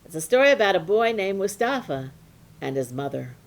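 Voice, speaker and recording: A woman storyteller telling a folk tale to children in an animated, playful way, with sudden hushes and leaps in pitch. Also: a little fast.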